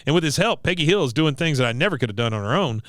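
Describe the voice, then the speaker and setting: A man's voice: on the high side, expressive, very fast, a bit bright, dry recording, studio quality. A man putting on the voice of a determined middle-aged woman, earnest and matter-of-fact.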